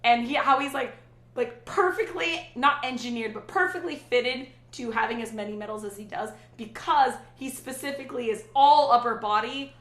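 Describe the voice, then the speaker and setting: Bright, chatty woman streamer. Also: a little high, moderate pace, reverberant. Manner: chatty and rambling, with frequent restarts and asides. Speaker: livestream host. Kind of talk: casual chat reading viewer comments.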